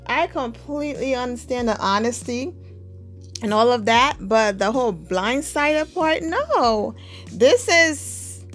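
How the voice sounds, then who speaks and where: Woman, high voice, unhurried delivery, animated slangy live reaction, laughs a lot, faint music behind. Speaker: TV show reviewer.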